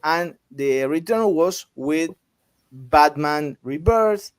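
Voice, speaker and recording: A man from Argentina interviews a guest in English. His smooth, slightly high voice moves slowly, with frequent pauses and restarts. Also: animated. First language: Spanish. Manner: halting, many fillers and restarts. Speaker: interviewer, host.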